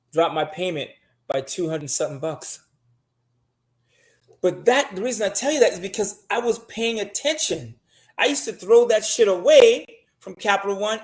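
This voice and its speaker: A man's voice: sits high, echoey room. A man giving casual credit advice as a guest, talking bluntly, emphatically and with plenty of cursing.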